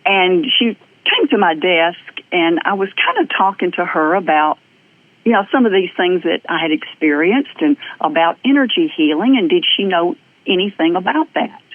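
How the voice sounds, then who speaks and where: A middle-aged woman with a Southern US accent, a guest telling her personal story with earnest, lively energy and frequent fillers. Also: fairly low pitch, normal speed. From American South. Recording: tinny phone-like audio.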